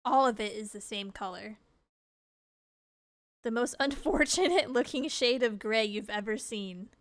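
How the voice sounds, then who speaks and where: A woman's voice: on the high side, a little slow, dry recording. A woman streamer reading a game's text aloud, laughing and reacting with disgust between lines.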